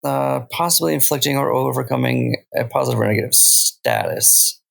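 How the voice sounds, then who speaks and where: A man's voice: medium pitch, huge pitch swings, normal speed, vocal fry, fairly bright tone. A man player working through his moves hesitantly, with fillers. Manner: hesitant, laughing. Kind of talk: casual game chat.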